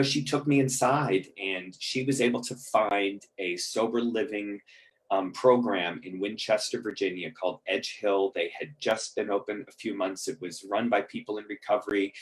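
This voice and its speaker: Brief: middle-aged man, lowish voice, candid and conversational personal storyteller, emotional at times. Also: rough recording. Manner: candid and conversational, with frequent ums and restarts; emotional, chokes up at moments. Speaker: speaker sharing his recovery story.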